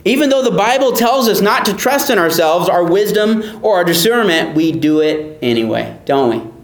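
Emphatic high-voiced man preaching, echoey. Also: lively intonation, normal speed. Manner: earnest, emphatic, repeats key phrases. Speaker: pastor. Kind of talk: expository sermon.

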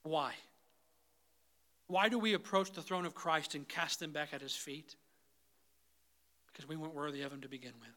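A man preaching a sermon as pastor, swinging between loud, rising intensity and soft, low pleading, often calling the congregation "guys". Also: steady tone, normal speed, long pauses. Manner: repeatedly addresses the congregation as "guys".

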